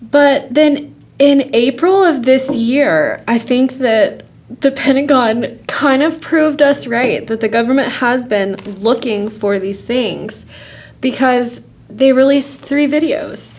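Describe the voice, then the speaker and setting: A woman's voice: high-pitched, slow, a little mellow. A woman co-hosting a podcast in casual chat, with dry, sarcastic banter. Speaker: podcast co-host.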